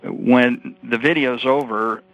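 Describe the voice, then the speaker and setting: A man being interviewed as a guest author and coach, telling stories in an animated way and acting out the voices he quotes. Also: medium pitch, takes it slowly. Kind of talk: storytelling interview answers. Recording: muffled radio broadcast.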